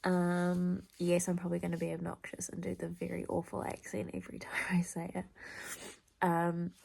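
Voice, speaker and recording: A young woman with a congested nose, chatting casually to camera in a hushed, rambling way full of fillers, indoors at night. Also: on the low side, monotone, a little fast, vocal fry, breathy edge. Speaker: vlogger. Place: indoors at a relative's home at night.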